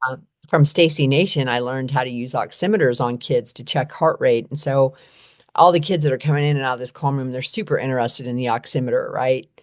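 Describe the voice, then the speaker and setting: Woman from the US, low voice, earnest conversational storyteller on a podcast. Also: fairly quick. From United States. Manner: earnest, repeats phrases, frequent "right?". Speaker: guest advocate on trauma and poverty.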